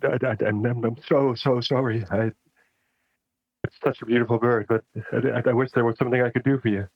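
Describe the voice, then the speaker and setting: A man's voice: mid-range voice, steady tone, fairly quick, no room sound, highs cut off, lightly acted. A man voicing a humble, timid male elf who stammers and hesitates.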